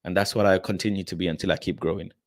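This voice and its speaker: A young man hosting a casual livestream, reading viewers' comments aloud and reacting with lively, expressive energy. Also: low-pitched, racing, dry recording, clean studio sound. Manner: animated, expressive, laughs often, addresses viewers by name. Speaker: livestream host reading chat.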